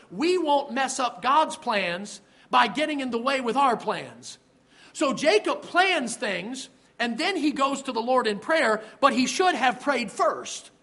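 A man preaching a sermon as pastor, reading scripture slowly and stressing key words, with emphatic pauses. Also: very high-pitched, bright, forceful tone.

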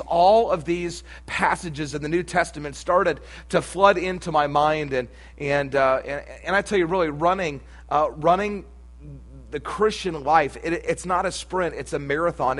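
A man's voice: fairly high pitch, moderate pace. A middle-aged man preaching a sermon, telling a humorous personal story with folksy asides before turning to scripture. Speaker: pastor.

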